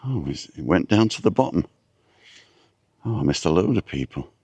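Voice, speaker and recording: A man's voice: sits low, big pitch swings, moderate pace, dark tone, husky, no echo. Middle-aged man chatting on a live stream. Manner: rambling, reads out viewer names with small asides. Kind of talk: casual live-stream chat. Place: outdoors with a view over hotels. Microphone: camera set down in front of him.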